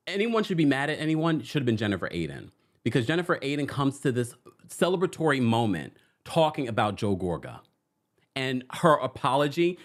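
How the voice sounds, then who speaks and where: A man hosting a casual reality TV recap, talking to his viewers and reading their comments aloud. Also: medium pitch. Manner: animated, acts out quotes, reads viewer comments.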